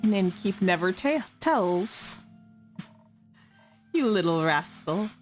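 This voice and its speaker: A woman's voice: mid-range voice, animated, normal speed, faint music behind. A woman streamer doing giggly, playful improvised role-play, stumbling over made-up fantasy names.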